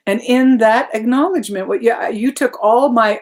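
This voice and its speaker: A woman guest in a casual conversation, reflective, turning animated in her quoted asides. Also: on the high side, moderate pace.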